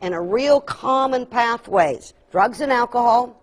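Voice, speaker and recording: A middle-aged woman giving a training workshop, lively and humorous, acting out kids' voices and dropping folksy asides. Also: fairly high pitch, measured pace. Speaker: workshop presenter. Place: workshop room.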